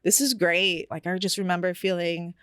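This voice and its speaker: A woman's voice: lowish voice, flat delivery, normal speed, fairly bright tone, clean tone, no room sound, studio quality. A young adult woman telling a personal story, candid and reflective, with many fillers.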